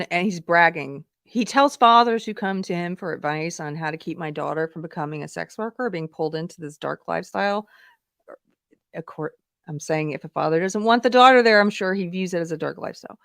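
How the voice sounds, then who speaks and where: An outspoken woman hosts a livestream in casual, chatty commentary. Her voice sits slightly low for a woman, and the sound is dry and close with no room around it. She talks frankly, like she is hanging out with her viewers. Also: fairly bright tone, dry recording. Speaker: livestream host.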